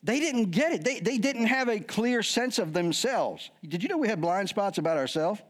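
A middle-aged male pastor gives a casual, joking sermon with a voice that swings widely in pitch. His voice sits a little high for a man, and he keeps it animated as he preaches. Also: normal speed. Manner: lively, joking, acts out quoted voices.

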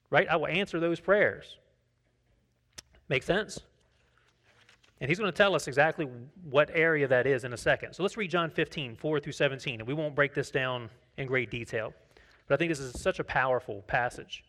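A man's voice: a little high, normal speed, pushed and bright. A man preaching a sermon as pastor, conversational, often asking the congregation questions. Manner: tells personal anecdotes, acts out dialogue.

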